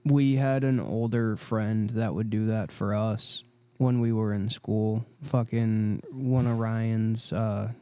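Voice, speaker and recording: A man's voice: on the low side, steady tone, slow, warm tone, clean tone, dry recording. A man in his twenties co-hosting a podcast, telling school stories with swearing and laughs. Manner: laughing, profane anecdotes. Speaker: podcast co-host. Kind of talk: casual chat.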